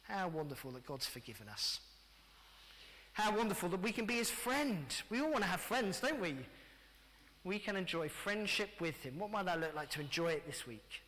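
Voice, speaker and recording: A middle-aged English man preaching a lively family sermon in church, often speaking to the children. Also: high-pitched, normal speed. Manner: lively, addressing children directly. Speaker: pastor. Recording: church hall reverb.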